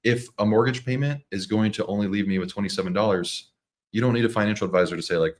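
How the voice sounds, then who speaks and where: A man guesting on a livestream as a mortgage lender, relaxed, repeating words and saying "like" a lot. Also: fairly low pitch, fast. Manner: relaxed, stammers on restarts, uses "like" a lot. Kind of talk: casual interview chat.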